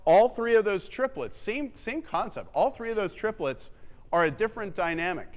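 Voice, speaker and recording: A man coaching a wind band in rehearsal, giving quick feedback, singing melodic lines on syllables and counting the players in. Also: sits high, lively intonation. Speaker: band clinician. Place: large theatre stage. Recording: echoey hall, long reverb.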